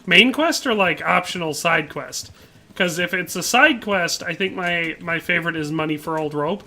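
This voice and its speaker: Guy streaming a game, kinda high voice, grumbling and ranting at the game, reading chat out. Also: gravelly, sharp tone. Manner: ranting, exasperated, reads chat aloud. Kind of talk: casual gameplay commentary.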